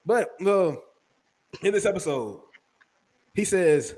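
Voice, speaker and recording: Animated male podcast co-host. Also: a little high, a little fast. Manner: animated, joking, reads chat comments aloud. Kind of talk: casual wrestling podcast chat.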